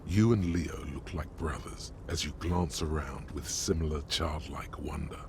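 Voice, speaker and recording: A man voicing the solemn inner voice of a game detective's mind, narrating slowly. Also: extremely low pitch, darkish tone, a little hiss or hum, voice pushed down.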